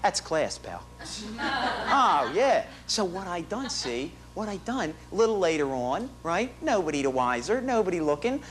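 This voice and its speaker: A man's voice: sits high, big pitch swings, unhurried, faint music behind. An actor playing a chatty, boastful working-class family man in a comic stage monologue, rambling in street slang and bad grammar. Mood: bragging. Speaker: stage performer in a one-man show. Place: theater stage.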